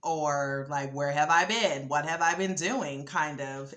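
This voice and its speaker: A woman hosting her own channel, talking casually to camera with many ums and a building excitement. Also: low voice, a little slow, hardly any pauses. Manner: relaxed, lots of ums, rising excitement. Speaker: vlogger host.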